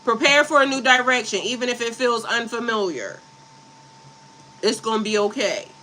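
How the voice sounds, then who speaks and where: Very bright-voiced blunt woman coach. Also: fairly high pitch, expressive, normal speed, a little hiss or hum, poor audio. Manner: blunt and profane, switching between reading affirmations and loose asides. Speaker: spiritual coach. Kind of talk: casual livestream talk.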